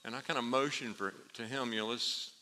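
A man preaching a sermon, telling a story with lively animation and laughing at his own tale. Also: mid-range voice, fast talker, slight background noise. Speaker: pastor. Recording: reverberant hall.

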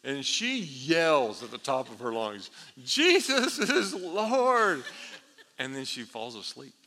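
A man preaching a sermon, telling a story with lively animation and laughing at his own tale. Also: medium pitch, moderate pace, noisy background. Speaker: pastor. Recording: reverberant hall.

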